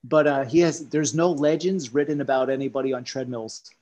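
A man in a casual podcast conversation, telling animated stories and jumping from topic to topic. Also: medium pitch, brisk. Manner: animated storyteller who jumps between topics.

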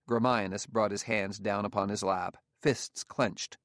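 A man narrating an audiobook in an even, unhurried storytelling manner. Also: on the low side, dry recording, clean studio sound. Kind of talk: scripted narration.

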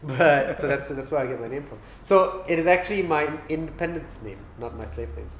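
A man's voice: a little high, brisk. A man in casual podcast chat, joking and laughing often, trailing off and restarting. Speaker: podcast guest. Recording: echoey room, faint hum.

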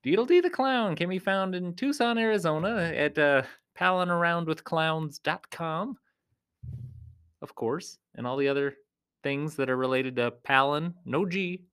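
A man who works as a clown entertainer, chatting casually and playfully in a rambling vlog, often jumping into high silly tones. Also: measured pace, a bit bright, clear, resonant tone.

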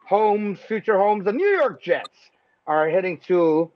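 A man hosting a casual sports podcast, talking loosely and excitably, swearing freely and laughing often. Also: high voice, measured pace. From Mexico. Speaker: podcast host. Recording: dull lo-fi sound, dry.

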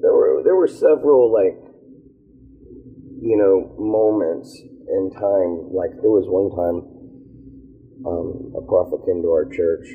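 A man telling stories of his ministry in a casual interview, animated and quick to laugh. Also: low voice, slight background noise. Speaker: worship leader guest. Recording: tinny phone-like line.

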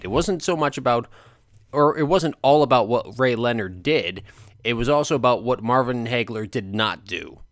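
A man talking through a boxing fight in a casual, animated monologue with lots of filler words. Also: mid-range voice, normal speed, dry recording, clean studio sound. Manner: animated, chatty, frequent fillers. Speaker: boxing commentator vlogger.

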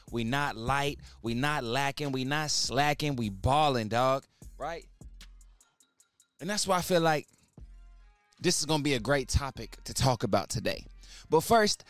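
A man's voice: mid-range voice, clear, resonant tone, no echo. A man hosting his own podcast in casual, hyped talk, heavy on slang and repeating words for emphasis. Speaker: podcast host.

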